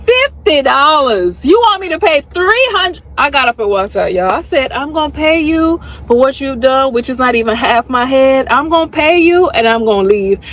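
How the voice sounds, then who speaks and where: Indignant high-voiced woman telling a story. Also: very animated, normal speed, hardly any pauses, a bit bright, poor audio. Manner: indignant, acts out both sides of the exchange. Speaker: storyteller recounting a salon visit. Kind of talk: animated storytelling to viewers.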